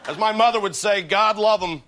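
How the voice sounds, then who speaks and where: A man's voice: sits high, fairly quick, a loud crowd, heavy background noise, lightly acted. Man playing an earnest rambling senator. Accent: Pennsylvania American. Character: rambling older male senator, backhanded. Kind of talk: sketch comedy debate parody. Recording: TV sketch with audience laughter. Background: studio audience laughter.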